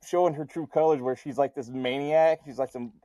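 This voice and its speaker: A man's voice: a little high, steady tone, a little fast, dark tone, no room sound. Laughing Southern man co-hosting a podcast. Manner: laughing, playful, crude banter. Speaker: podcast co-host. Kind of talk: casual movie review chat.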